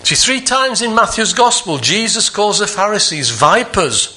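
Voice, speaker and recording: A man preaching a sermon, earnest, climbing higher for emphasis and dropping soft on the quieter phrases. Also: sing-song, normal speed.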